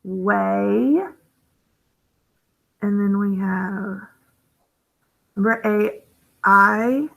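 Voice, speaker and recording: A woman's voice: mid-range voice, steady tone, drawn-out words, vocal fry, long pauses, a bit bright, low-quality recording. A woman teaching a phonics lesson to young children, thinking aloud as she codes words and gasping with delight at each new rule. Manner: encouraging, gasps with delight at new rules.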